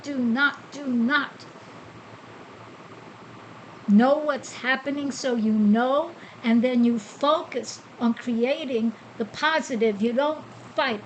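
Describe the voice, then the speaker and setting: A woman's voice: high-pitched, slight background noise, low-quality recording. A woman hosting a spiritual podcast, talking casually and asking herself questions before answering them. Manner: chatty, rhetorical questions and answers. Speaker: podcast host. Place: Costa Rica.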